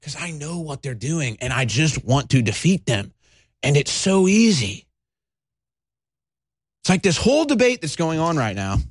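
A man hosting a heated ranting monologue, talking fast and animated, sighing and mocking others in put-on voices. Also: on the high side, no room sound, clean studio sound. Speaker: host.

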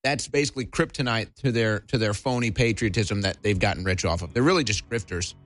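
A man co-hosting a political radio show, speaking scornfully at a steady pace. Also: fairly low pitch, fairly quick. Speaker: show co-host. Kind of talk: political talk radio commentary.

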